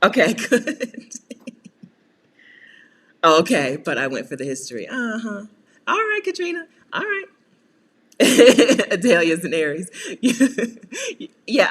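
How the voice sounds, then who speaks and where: A coach and channel host speaks at a normal speed in a sing-song voice that's a bit bright with a breathy edge. On her casual livestream she banters with viewers and answers comments, laughing often, staying playful, and slipping into high, exasperated asides now and then.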